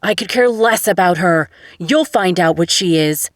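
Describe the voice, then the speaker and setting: A woman voicing a guarded young billionaire man who speaks softly and intimately. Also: on the low side, moderate pace, no echo, studio quality, lightly acted. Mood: angry.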